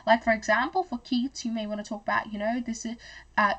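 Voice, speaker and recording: A young Australian woman tutoring high-school English, chatty and full of fillers and self-corrections. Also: steady tone, fairly quick, a bit bright. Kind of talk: explanatory tutoring lesson.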